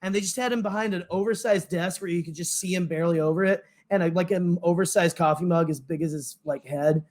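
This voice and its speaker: High-voiced rambling man chatting. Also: fast talker, hardly any pauses, a little mellow. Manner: rambling, goes off on tangents with many fillers. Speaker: podcast co-host. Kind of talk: casual chat.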